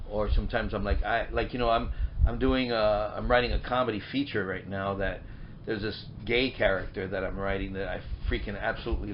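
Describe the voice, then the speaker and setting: A middle-aged man with a somewhat low voice talks in an animated, rambling way, often restarting his sentences. He is a guest being interviewed on a boat. The recording is muffled and lo-fi, with a faint hiss behind him. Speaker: comedian and filmmaker guest. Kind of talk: casual interview chat.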